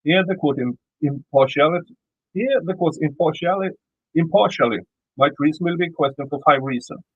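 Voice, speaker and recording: A man with a Swedish accent works through a legal filing out loud, stopping to add his own remarks. His voice sits a little high and sounds husky. The sound is dry and a bit dull, like a lo-fi home mic. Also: a little fast, no room sound. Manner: stumbling, repeats words while reading. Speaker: YouTube commentator. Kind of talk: reading a legal motion aloud with commentary.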